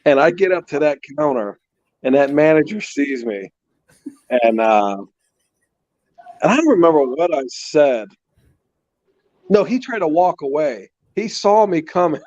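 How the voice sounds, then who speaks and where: A man with a slightly high voice tells a story in an animated way and laughs as he goes. The sound is dry and dull, like a lo-fi stream with no room in it. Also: normal speed, long pauses, no room sound. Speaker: co-host, father of the host. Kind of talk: casual storytelling chat.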